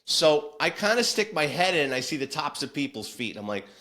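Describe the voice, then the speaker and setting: A man's voice: on the high side, sing-song, brisk, sharp tone. A man, a former police detective telling war stories in a casual, blunt, salty way with frequent restarts. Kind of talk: casual storytelling.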